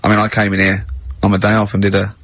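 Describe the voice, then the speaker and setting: A man hosting a radio show in a studio, telling rambling anecdotes and breaking into high-pitched laughter. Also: monotone, fast talker, a bit bright, no room sound. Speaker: radio host. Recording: slightly muffled radio broadcast.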